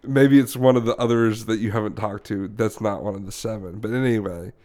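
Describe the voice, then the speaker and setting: A man hosting a podcast in casual chat, playful and full of quick questions. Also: on the low side, fairly even intonation, a little mellow. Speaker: podcast host.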